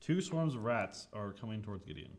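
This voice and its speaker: A man narrating as game master in a relaxed, hesitant way, often filling pauses with "um". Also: on the low side. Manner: relaxed, hesitant, lots of fillers and chuckles.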